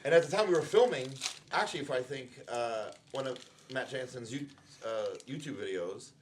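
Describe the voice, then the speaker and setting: A man on a casual podcast, telling a crude gym story in a relaxed way. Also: mid-range voice, moderate pace, noisy background. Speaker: podcast co-host. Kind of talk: casual chat.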